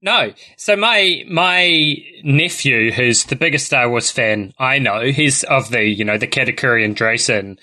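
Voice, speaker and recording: A man co-hosting a podcast, chatting in a wry, animated way and laughing easily. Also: medium pitch, measured pace, few pauses. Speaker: podcast co-host. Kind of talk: casual chat.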